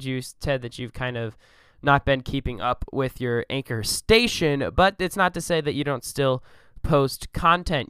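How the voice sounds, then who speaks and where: Smooth-voiced young man hosting a podcast. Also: mid-range voice, fairly bright tone, no room sound, studio quality. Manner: chatty, with frequent fillers and restarts. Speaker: podcast host. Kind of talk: casual podcast interview.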